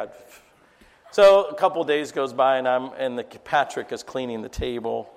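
A middle-aged man preaching a sermon to a live audience. He swings between loud, emphatic preaching and quiet, chatty storytelling asides. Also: medium pitch, a little slow, long pauses, in a large hall. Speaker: pastor.

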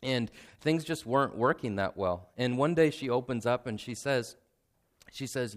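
An earnest man preaching to a congregation, speaking at a middle pitch. He talks conversationally, tossing in quick asides to his listeners, and his voice grows emotional, almost tearful, as he opens up. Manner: conversational, with frequent "right?" asides and repetition. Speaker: pastor. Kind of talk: sermon.

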